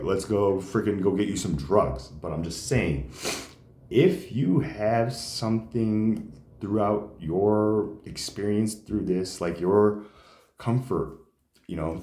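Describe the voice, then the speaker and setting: Man, low voice, rambling casual storytelling, lots of fillers, roomy echo. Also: dark tone. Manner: rambling, many fillers, acts out quoted dialogue. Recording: echoey room.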